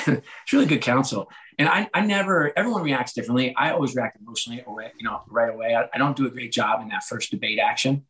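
A middle-aged man with a slightly hoarse voice talks in a loose, conversational way. He slips into the voices of the people in his stories and gives each one an animated delivery. His pitch sits right in the middle. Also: quick pace, low-quality recording. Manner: animated, acts out quoted dialogue. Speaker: guest, author and former sports executive. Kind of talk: casual conversational storytelling.

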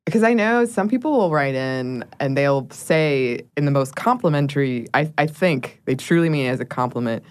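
A woman's voice: very deep voice, lively intonation, moderate pace, few pauses, a little mellow. A woman co-hosting a podcast, chatting casually in a studio and laughing often. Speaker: podcast co-host. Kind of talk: casual chat. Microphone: studio mic.

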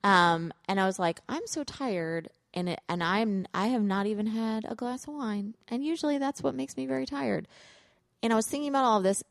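A woman in her thirties chatting casually as a podcast co-host, telling parenting stories with lively retellings of her kids' voices. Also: a little high, brisk, vocal fry, no room sound, clean studio sound. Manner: animated storytelling, acts out kids' voices. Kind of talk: casual chat.

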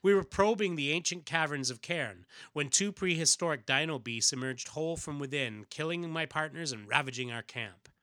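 A man's voice: on the high side, expressive, moderate pace, hardly any pauses, sharp tone, no echo. Man reading as a tough woman explorer. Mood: earnest. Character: tough female explorer, defiant.

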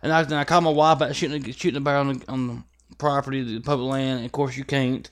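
Animated man telling a story. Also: mid-range voice, fast. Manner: animated, profane, acts out scenes. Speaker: guest. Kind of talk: casual storytelling chat.

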